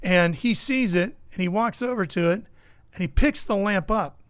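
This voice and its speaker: A middle-aged man, a motorsports broadcaster, telling a story with lively energy in a podcast interview. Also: sits high, moderate pace, clear, resonant tone, no room sound. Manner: lively anecdotal storyteller, acts out the people in his stories.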